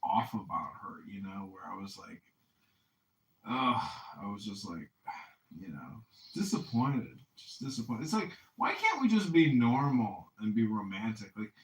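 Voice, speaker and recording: A man's voice: on the low side, sing-song, a little slow, slight background noise. A man hosting a podcast and chatting casually, rambling with constant fillers and frequent swearing. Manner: rambling, profane, heavy on "like". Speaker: podcast host. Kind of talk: casual chat. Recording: echoey room, distant mic.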